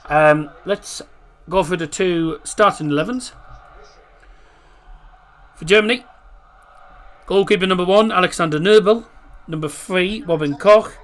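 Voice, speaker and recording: Man, casual live stream host, chatty, reads lineups and chat, fairly high voice. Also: measured pace, pauses often, a bit bright.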